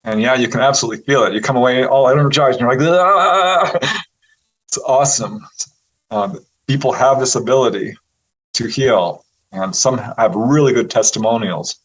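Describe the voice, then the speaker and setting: A man with a voice of middling pitch, speaking as an interview guest. He tells his stories in a casual, lively way, often laughing and putting on voices for the people he quotes. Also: moderate pace, a little hiss or hum, rough recording. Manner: animated storyteller who laughs often and acts out quotes. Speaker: interview guest, UFO researcher.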